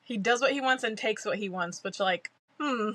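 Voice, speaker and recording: A woman's voice: mid-range voice, normal speed, a bit bright, no room sound. A woman co-hosting a podcast, giving frank opinions on a book and laughing often in casual chat. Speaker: podcast co-host.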